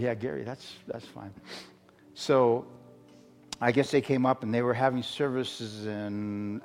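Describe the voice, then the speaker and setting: A middle-aged man from Arizona, a guest preacher telling a story as a sermon testimony, halting, with many fillers and restarts. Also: mid-range voice, a little mellow. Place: church sanctuary. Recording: long hall reverb with faint music.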